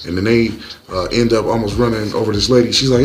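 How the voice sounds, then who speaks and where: A young man with a lowish voice recaps a movie's plot in a loose, slangy, joking style, speaking fast with fairly even intonation. Soft music sits faintly beneath his narration.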